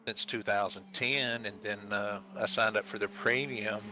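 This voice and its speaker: Low-voiced man in friendly voice chat. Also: fairly even intonation, moderate pace, bright, forceful tone, slight background noise. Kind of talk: casual voice chat.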